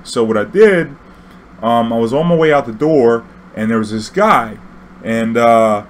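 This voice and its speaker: A young man telling a story casually, profane and animated, acting out dialogue. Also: medium pitch, measured pace, a little hiss or hum.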